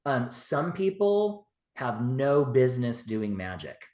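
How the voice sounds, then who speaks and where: A man speaking as a podcast guest in relaxed, rambling conversation, full of "you know" fillers. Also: mid-range voice, slow. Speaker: guest, witchcraft teacher. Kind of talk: casual interview talk. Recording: roomy echo.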